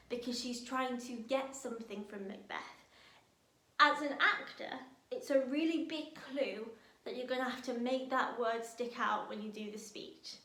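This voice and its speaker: A woman leading a drama workshop for teenagers, explaining a play in a lively, chatty way with the odd laugh. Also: a little high. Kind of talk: online lesson for teenagers. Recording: roomy echo.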